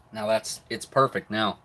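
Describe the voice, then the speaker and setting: This middle-aged host reviews military rations on a live stream, eating while he chats casually, frequently with food in his mouth. He has a lowish voice that's a little bright and slightly rough.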